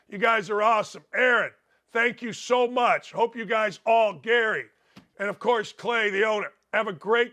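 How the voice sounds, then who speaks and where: A high-pitched middle-aged man hosts a sports talk show, rambling and excitable as he discusses betting and breaks into loud shouts.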